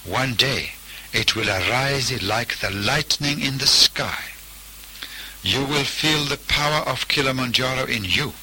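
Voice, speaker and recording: A man voicing a wise old male storyteller who speaks grave, gentle advice in a storybook tale. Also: medium pitch, a little slow, a little hiss or hum, low-quality recording.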